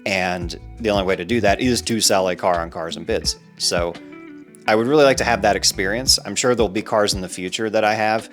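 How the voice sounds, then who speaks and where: A man's voice: on the low side, a little fast, a bit bright, faint music behind. A man casually talking to camera about his cars, rambling and laughing at himself. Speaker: car vlogger.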